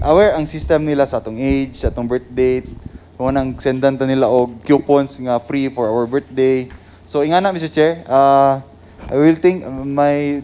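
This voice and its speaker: A man with a Filipino accent speaking as a city councilor in a council session, measured and formal, switching between English and the local language. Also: mid-range voice, warm tone, slight background noise.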